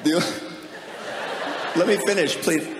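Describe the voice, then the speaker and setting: A man's voice: high-pitched, a little slow. A man doing stand-up, telling a sarcastic story about his family. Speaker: comedian. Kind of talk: stand-up comedy. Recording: echoey hall, audience noise.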